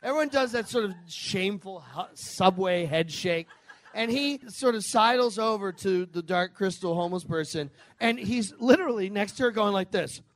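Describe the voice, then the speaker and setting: Animated man telling a comic story. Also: sits high, normal speed, dry recording. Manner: animated, profane, laughing through lines. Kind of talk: live comedic storytelling.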